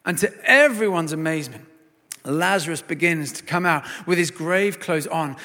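A man preaching a sermon and telling a story, swinging from hushed to loud. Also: a little high, moderate pace, in a large hall.

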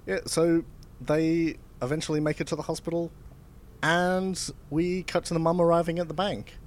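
A man casually retelling a film's plot on a podcast, relaxed and loose, with fillers. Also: a little high, moderate pace, a little hiss or hum. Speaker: podcast co-host recapping a film. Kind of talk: casual chat.

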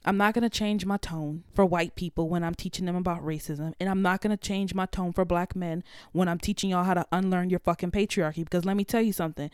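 A woman's voice: lowish voice, steady tone, fast, few pauses, darkish tone, clear, resonant tone, no room sound, studio quality. A woman hosting her own podcast, talking freestyle in a blunt, heated, profane monologue. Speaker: podcast host.

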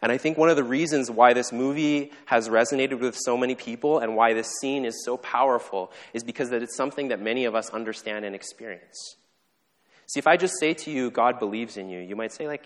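A man preaching a sermon, telling a story earnestly and falling to a soft hush when he quotes the characters. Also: medium pitch, fairly quick. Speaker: pastor. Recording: long hall reverb.

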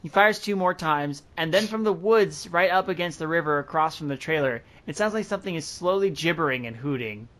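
A man's voice: a little high, brisk, hardly any pauses, a bit bright. A man co-hosting a podcast, reading a horror story aloud and cracking crude jokes. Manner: crude, joking. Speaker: podcast co-host.

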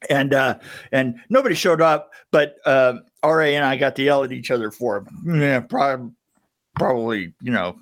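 A middle-aged man of medium pitch and normal speed chats as a podcast guest, telling a rambling story. He stammers into restarts and keeps laughing at himself in this casual storytelling conversation.

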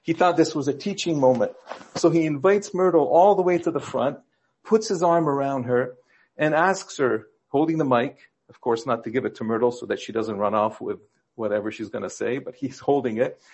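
Husky man telling church jokes from the pulpit. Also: normal speed, darkish tone. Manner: storytelling, acting out quoted characters with lifts in pitch. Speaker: pastor. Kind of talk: sermon with told jokes.

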